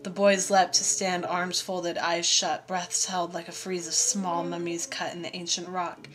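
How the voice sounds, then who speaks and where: A woman reading a story aloud as narrator, in a measured, steady manner. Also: lowish voice. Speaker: audiobook reader.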